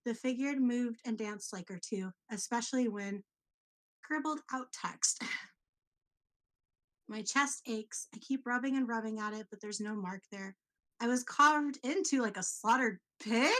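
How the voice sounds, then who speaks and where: A woman's voice: on the high side, fairly bright tone. Woman playing a frightened young man in a tabletop game, reading his dream journal with an earnest unease. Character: young man, anxious, haunted by nightmares. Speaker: player.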